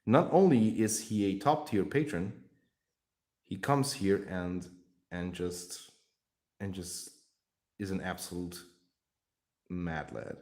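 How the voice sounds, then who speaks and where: A man's voice: deep voice, takes it slowly, pauses often, a little mellow. A young man chatting casually on a live stream while painting miniatures, rambling, jokey and swearing freely.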